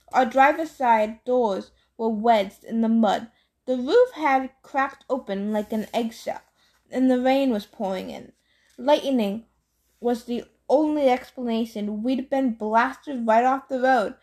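A woman reading a novel aloud in a plain, steady storytelling manner. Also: fairly high pitch, takes it slowly. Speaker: audiobook reader.

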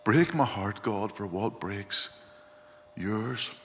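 A low, unhurried man's voice delivers an earnest sermon, weaving in scripture as he reflects. His words ring out with a long reverb, as if from a large church hall. A faint hum sits underneath. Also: a bit bright. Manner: earnest, reflective preaching, often quoting scripture. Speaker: pastor.

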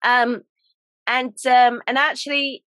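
An English woman hosting a podcast, talking in a relaxed, chatty way with lots of laughs and fillers. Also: fairly high pitch, slow pace, dry recording. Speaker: podcast host. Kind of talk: casual chat.

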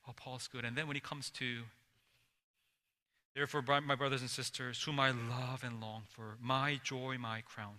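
A man preaching a sermon as pastor, dramatic, swinging between loud emphasis and hushed, near-whispered lines. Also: mid-range voice. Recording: long hall reverb.

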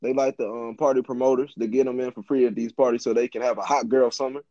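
A man's voice: medium pitch, steady tone, fast talker, dark tone, no room sound, dull audio. A young man telling a story in a laid-back, slangy way, laughing often as he talks. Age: young adult. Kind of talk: casual storytelling.

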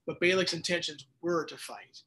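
Man preaching in a slightly high voice. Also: normal speed, pushed and bright. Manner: conversational, with bursts of emphatic preaching. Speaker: host and Bible teacher. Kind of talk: radio Bible teaching with listener texts.

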